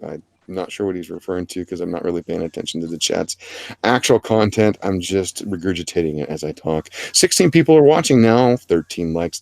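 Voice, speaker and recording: A man's voice: deep voice, a little mellow, dry recording. A man hosting a casual art livestream, rambling and joking about the chat and the artists. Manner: joking, rambling, self-deprecating. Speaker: livestream host.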